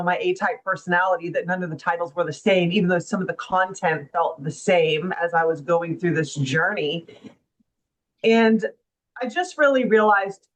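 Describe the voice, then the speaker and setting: A middle-aged woman tells her own story as an interview guest. She talks in a heartfelt, reflective way, often reaching for "you know" and "right?". Her voice sits at an ordinary middle pitch. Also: low-quality recording. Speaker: guest author.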